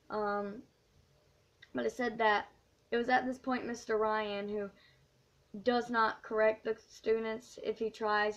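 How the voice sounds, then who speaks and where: A teenage woman telling an earnest, rambling story in a casual vlog, with many fillers. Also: medium pitch. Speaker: vlogger. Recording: dull lo-fi recording.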